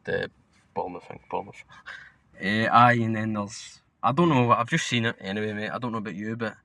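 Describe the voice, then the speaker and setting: A man's voice: fairly low pitch, fairly quick, creaky, sharp tone, no echo. A young Scottish man co-hosting a podcast, chatting casually about football in a blunt, sweary, rambling way. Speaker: podcast co-host.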